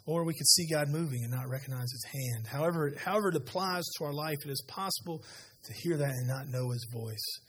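A man preaching a sermon as pastor, retelling scripture with lively conversational asides to a church audience. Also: on the high side, brisk, slightly rough. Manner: animated storytelling, conversational asides. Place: church sanctuary.

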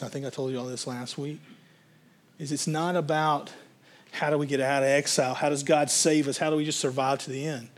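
A man preaching a sermon as a pastor, in a conversational, rambling way with fillers and restarts. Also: fairly high pitch.

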